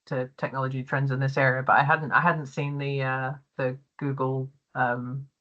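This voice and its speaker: A man's voice: medium pitch, flat delivery, normal speed, muffled recording. A man taking part in a casual discussion, speaking hesitantly with many fillers and restarts. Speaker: participant.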